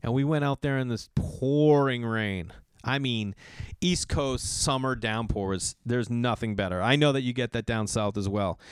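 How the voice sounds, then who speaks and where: Smooth-voiced middle-aged man telling rambling stories. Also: medium pitch, a little slow, no echo, studio quality. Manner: rambling and animated, full of restarts and sudden quoted voices. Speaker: podcast host. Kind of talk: storytelling monologue.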